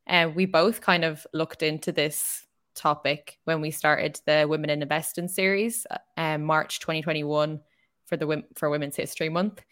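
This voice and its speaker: A woman's voice: low-pitched, fairly bright tone. An Irish woman co-hosting a podcast, chatting casually with lots of fillers like "like" and "um". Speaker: podcast co-host.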